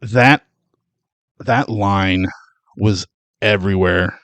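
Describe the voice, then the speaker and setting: A man with a fairly low voice, recorded close and dry, co-hosting a movie podcast. He talks in a relaxed way, laughs easily and often trails off mid-sentence. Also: extremely slow, no room sound. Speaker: podcast co-host. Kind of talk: casual movie chat.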